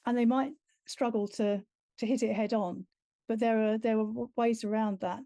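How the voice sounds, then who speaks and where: A woman's voice: on the high side, warm tone, no echo. A woman writer giving an earnest, reflective workshop talk about teaching creative writing.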